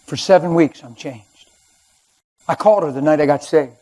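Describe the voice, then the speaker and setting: A man preaching a sermon, telling his own story and swinging from hushed to loud. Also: on the high side, moderate pace, poor audio. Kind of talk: sermon testimony. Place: church or studio.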